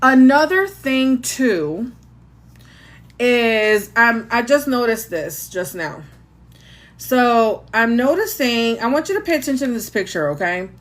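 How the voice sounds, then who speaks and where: A woman's voice: a little high, expressive, slow pace. A woman hosting a casual livestream, chatting to her viewers about astrology and answering their comments as she goes. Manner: chatty, answers chat comments, restarts and fillers. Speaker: livestream host. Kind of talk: casual live chat about astrology and gossip.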